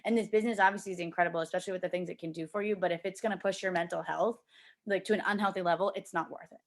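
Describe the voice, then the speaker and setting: A woman's voice: on the low side, fairly even intonation, rapid-fire. Young woman, casual team coaching talk, chatty, full of "like", plays out quoted voices. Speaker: team leader coaching a sales team. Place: at home with a child nearby.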